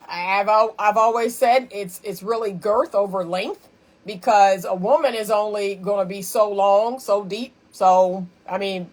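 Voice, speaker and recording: A woman talks straight to her live viewers about choosing a partner, frank and chatty, with quick laughing asides. Her voice sits at an ordinary middle pitch for a woman. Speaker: relationship advice host. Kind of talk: casual live-stream advice talk.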